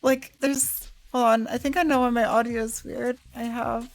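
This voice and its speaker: A woman co-hosting a visual novel stream, chatting casually, quick to laugh and reflective. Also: on the high side, steady tone, low-quality recording. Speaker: co-host playing a visual novel. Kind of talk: casual chat on a game stream.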